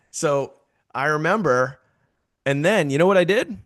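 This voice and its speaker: A man telling a casual story to his team, animated and repeating phrases for emphasis. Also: fairly high pitch, unhurried, no room sound, clean studio sound.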